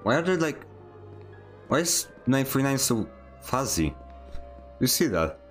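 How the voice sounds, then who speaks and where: A man's voice: medium pitch, sing-song, a little slow, soft background music. A young man streaming a game, rambling and joking about himself as he plays, with frequent laughs. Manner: joking, rambling and self-mocking, laughs often. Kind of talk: casual gaming stream commentary.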